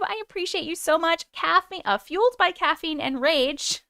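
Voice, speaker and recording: A woman's voice: very high voice, a little slow, pushed and bright, dry recording, studio quality. A woman in her forties hosting a livestream, chatting with viewers and reading their stories aloud in a bubbly, casual way. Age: 40s.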